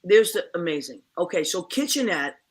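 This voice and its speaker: A woman hosting a casual chat show, talking in a chatty, animated way. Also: fairly low pitch, normal speed, husky. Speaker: host.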